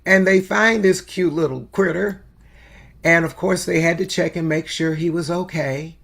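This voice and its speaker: An older woman telling a story as a sermon, slow and unhurried with long pauses. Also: lowish voice, steady tone, vocal fry. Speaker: spiritual speaker.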